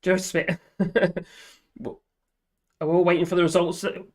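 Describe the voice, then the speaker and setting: A man's voice: high-pitched, flat delivery, a little slow, a little mellow. Rambling man on a casual livestream. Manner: rambling, chatty, laughs often, trails off. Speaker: livestream host. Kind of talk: casual live chat reading viewer comments.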